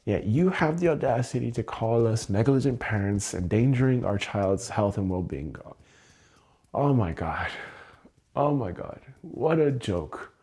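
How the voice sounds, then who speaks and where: A man hosting a livestream, venting angrily and swearing, keeping his voice low at home at night so he won't wake anyone. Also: animated, measured pace, warm tone, husky. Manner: angry, swearing, exasperated. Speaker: livestream host.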